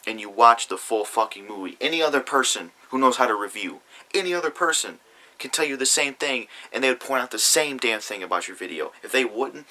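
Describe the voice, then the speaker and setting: A man's voice: medium pitch, expressive, a little fast, sharp tone, poor audio. A young man ranting angrily to camera in a profane vlog, reading out comments and arguing back. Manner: reads comments aloud. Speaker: YouTuber. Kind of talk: angry vlog rant.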